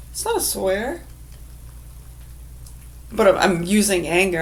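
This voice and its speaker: A woman's voice: mid-range voice, sing-song, normal speed, long pauses. A woman in a casual vlog who reads definitions aloud and riffs on them sarcastically, swearing freely. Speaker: vlogger. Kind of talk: casual musing monologue.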